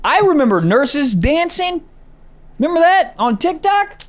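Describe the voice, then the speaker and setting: A man's voice: very high voice, sing-song, a little slow. A man co-hosting a podcast in casual comedic chat, ranting expressively and swearing freely. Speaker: podcast co-host.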